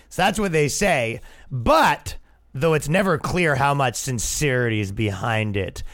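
Man, comedian, podcast host, casual comedic riffing, lively swinging pitch, medium voice. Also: measured pace. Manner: animated, riffing, slips into put-on voices.

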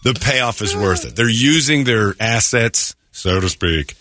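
A man's voice: fairly low pitch, animated, measured pace, pushed and bright, slight background noise. A male radio host telling a raunchy story in casual chat, laughing and acting out other people's voices.

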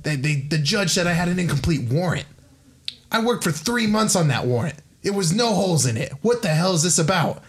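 A man's voice: mid-range voice, lively intonation, unhurried, slightly rough. A man voicing a stressed, hot-tempered male district attorney who stammers and repeats himself. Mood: outraged.

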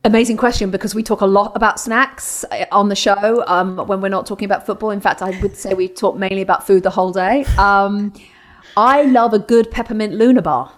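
Animated English woman in her forties. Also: mid-range voice. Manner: animated, opinionated, quick asides. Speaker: guest, football TV presenter. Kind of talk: casual interview chat.

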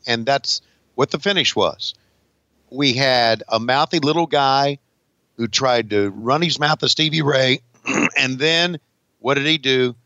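A man co-hosting a wrestling podcast, talking casually with halting restarts and swearing now and then. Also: mid-range voice, bright, forceful tone, no room sound, lo-fi sound. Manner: halting restarts, drawled asides. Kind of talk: casual profane banter.

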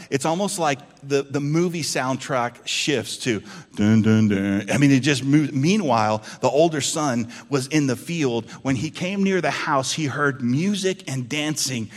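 A pastor preaching a sermon in a church, swinging from loud emphasis to hushed tones. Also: male voice, mid-range voice, lively intonation, moderate pace, hardly any pauses, big-room sound.

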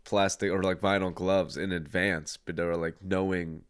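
A man co-hosting a podcast in casual chat, animated and acting out what people said. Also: low voice, normal speed, clear, resonant tone. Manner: animated storyteller, acts out quotes. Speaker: podcast co-host.

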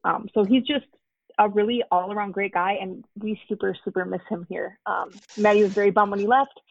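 A woman's voice: medium pitch, fairly even intonation, fairly quick, gravelly, lo-fi sound, a little hiss or hum. A woman who is the mother of a young fan, telling a long story as an interview guest, with many fillers and restarts.

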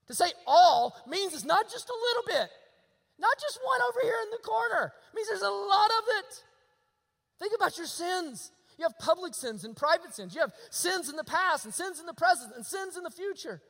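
A man preaching a sermon, swinging from hushed near-whispers to emphatic shouts and asking the congregation rhetorical questions. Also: very high voice, creaky, big-room sound. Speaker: pastor. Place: church sanctuary.

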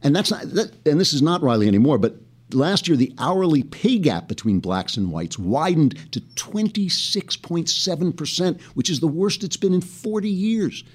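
A man's voice: on the high side, very animated, moderate pace, slightly rough. A man hosting a political commentary podcast, talking in a sarcastic way with laughing asides. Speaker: podcast host.

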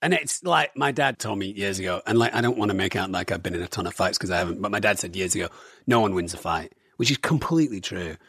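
A man in his forties, born in Germany to English parents, chatting casually as a podcast guest and telling animated stories with plenty of swearing. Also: low-pitched, fast talker, husky, dry recording, clean studio sound. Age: 40s. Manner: swears freely, animated storytelling with voiced asides. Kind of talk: casual chat.

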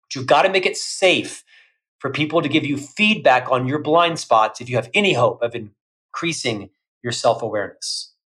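A middle-aged man, a guest on a podcast, talking loudly and emphatically in energetic bursts of lists. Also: medium pitch, moderate pace, low-quality recording. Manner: loud, emphatic, listing in bursts. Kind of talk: energetic interview talk.

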